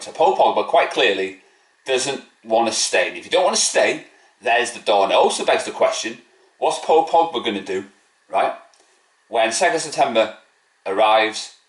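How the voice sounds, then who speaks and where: A man hosting a football fan channel, giving a blunt, opinionated match preview with some swearing. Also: medium pitch. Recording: roomy echo.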